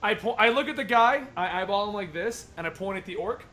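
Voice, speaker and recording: A man playing a half-elf bard in a tabletop game, smooth-talking and mock-polite. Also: high-pitched, expressive, fast, sharp tone, slight background noise. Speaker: player.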